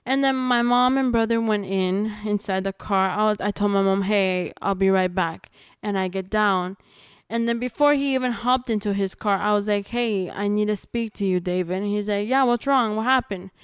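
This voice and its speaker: A young woman, a podcast guest, telling a personal testimony in casual conversation, earnest and halting with restarts. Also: medium pitch, steady tone, clear, resonant tone, no echo, studio quality.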